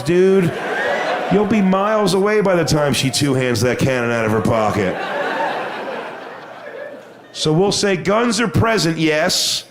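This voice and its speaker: Crude swaggering male stand-up comic. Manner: crude, swaggering storytelling with high mocking put-on voices. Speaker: stand-up comedian. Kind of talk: stand-up comedy set. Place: comedy stage before a live audience.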